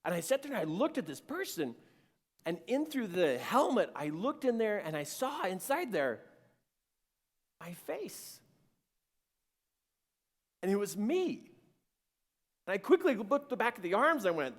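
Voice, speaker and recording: A man shares a personal story in an earnest, dramatic way, acting out his own inner dialogue. His voice sits fairly high for a man and rises and falls with a very lively range. The sound carries a long reverb, as if in a large hall. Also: unhurried, pauses often. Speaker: speaker sharing a personal story.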